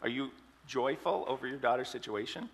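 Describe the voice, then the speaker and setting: A man's voice: mid-range voice, a little fast, creaky, fairly bright tone, big-room sound. A man giving a sermon, telling an illustrative story and asking the congregation questions. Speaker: preacher.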